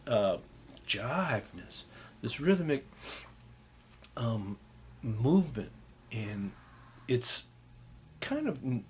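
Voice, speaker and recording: A music instructor, a man with a slightly rough mid-range voice, gives a recorded lecture on jazz rhythm. He explains loosely and without hurry, dropping plenty of fillers, and scats and hums the rhythms to show them.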